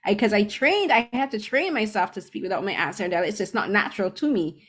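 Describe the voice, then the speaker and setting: Quick-talking, chatty woman co-host. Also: mid-range voice, husky. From Barbados. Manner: quick, animated, chatty, many "like" fillers. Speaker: podcast co-host. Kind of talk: casual conversation.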